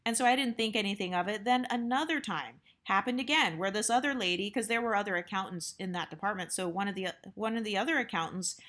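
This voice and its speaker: A young adult woman talks through a workplace story in a loose, candid storytime style. Her mid-pitched voice rambles with frequent fillers and blunt asides. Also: fast talker, hardly any pauses, a bit bright. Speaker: storytime vlogger. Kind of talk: casual storytime monologue.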